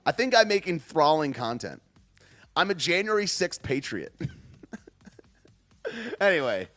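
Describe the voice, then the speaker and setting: A man's voice: a little high, sing-song, measured pace, pauses often, bright, forceful tone, soft background music. A man hosting a podcast, talking in a sarcastic, rambling way and laughing at himself. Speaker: podcast host. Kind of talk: casual political podcast rant.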